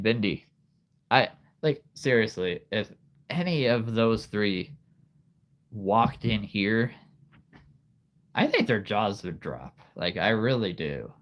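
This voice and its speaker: Brief: low-voiced livestream host, thirties, halting and unhurried. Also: male voice. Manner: rambling, halting, laughs often. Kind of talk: casual live-stream chat.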